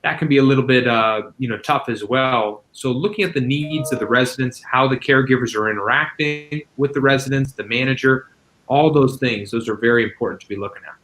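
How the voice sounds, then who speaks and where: A man's voice: medium pitch, fairly quick, fairly bright tone, a little hiss or hum, poor audio. A man, a guest expert on senior living, answering interview questions in a casual, explanatory way with frequent "you know" fillers.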